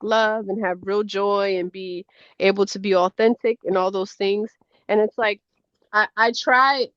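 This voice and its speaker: A woman, a tarot deck creator, chatting casually as a guest in an animated, rambling way over a video call. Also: dry recording. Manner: animated, rambling, quick pitch jumps. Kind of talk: casual chat. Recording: dull, dry lo-fi audio.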